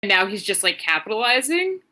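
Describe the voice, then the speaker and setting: Bright-voiced sarcastic woman co-host. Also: mid-range voice, very animated, a little fast. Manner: dry, sarcastic, swears freely. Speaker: podcast co-host. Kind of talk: casual chat.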